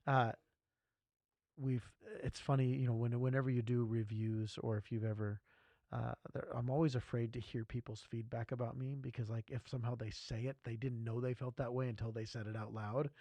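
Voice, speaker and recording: A man hosting a casual church podcast discussion, animated and self-deprecating as he tells stories. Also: medium pitch, brisk, dry recording. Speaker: podcast host.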